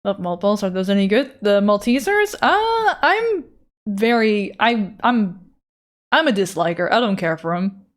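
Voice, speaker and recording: A woman's voice: medium pitch, lively intonation, normal speed. A woman streamer talks casually to her audience while she draws, swearing freely and riffing on whatever chat brings up. Her delivery is loose and unpolished, the easy patter of someone half-focused on the canvas. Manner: loose and profane, answering chat while drawing. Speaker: art streamer reading chat.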